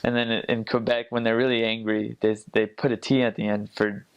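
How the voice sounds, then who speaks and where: A man's voice: mid-range voice, flat delivery, fairly quick, highs cut off, slight background noise. An American man explaining at length in a casual way, often stopping and restarting phrases, heard from a video played back. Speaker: commenter in the reacted video.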